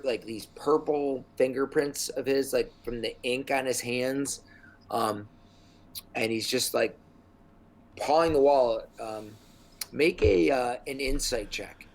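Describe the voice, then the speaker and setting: A man's voice: medium pitch, rough recording. Rambling male game master. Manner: rambling, many ums and likes. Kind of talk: narrating a tabletop game.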